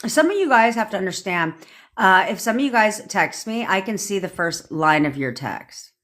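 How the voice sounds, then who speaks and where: On a live stream, a manifestation coach answers viewer comments in a blunt, profane and animated way, laughing often and throwing in plenty of asides. Her voice is medium-pitched and moves at a normal speed.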